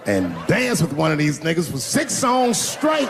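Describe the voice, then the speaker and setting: A man's voice: a little high, unhurried, over a noisy crowd. Male comic telling stories on stage, voice bouncing all over, echoey hall, faint hiss. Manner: lively, animated delivery with voices for other characters. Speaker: stand-up comedian. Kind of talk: stand-up storytelling.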